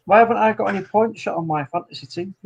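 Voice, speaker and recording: A man's voice: high-pitched, fast, gravelly, highs cut off, crowd noise. A man hosting a live football watchalong, chatting casually with friends, joking and swearing. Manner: joking, laughs often, swears. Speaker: host of a football watchalong stream.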